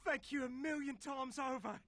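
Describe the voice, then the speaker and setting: A pleading caged treasure hunter. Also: male voice, very high voice, normal speed, fairly bright tone, no room sound. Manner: pleading, jittery. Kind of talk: video game dialogue.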